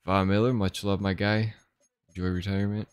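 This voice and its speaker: A young man hosting his own gaming channel, giving relaxed, rambling commentary and thinking aloud as he plays. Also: low-pitched, normal speed, clear, resonant tone, no echo. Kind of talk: casual gameplay commentary.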